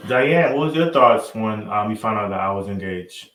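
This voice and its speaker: A young man hosting a casual interview with his parents, soft-spoken and halting. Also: fairly low pitch, lively intonation, echoey room, poor audio.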